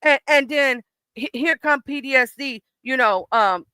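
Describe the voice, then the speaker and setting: A woman's voice: high-pitched, measured pace, clean tone, no room sound. A woman hosting a live stream, delivering a blunt, profane comedic monologue. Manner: blunt, profane, animated storytelling.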